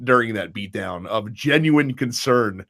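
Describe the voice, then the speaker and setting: Animated laughing man talking wrestling. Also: fairly low pitch, measured pace. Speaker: wrestling podcast co-host. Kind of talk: casual chat.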